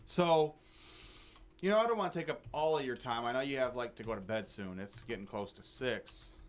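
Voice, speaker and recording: A man's voice: mid-range voice, normal speed, slight background noise. A man co-hosting a comedy talk radio show, teasing and goading crudely. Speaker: radio co-host. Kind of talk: casual comedic radio banter.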